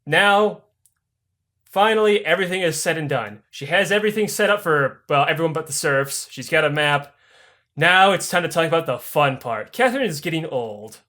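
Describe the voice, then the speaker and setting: Animated young man with a high, lively voice. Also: moderate pace. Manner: animated, swears constantly, acts out voices mid-story. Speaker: podcast host. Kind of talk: profane comedic history storytelling.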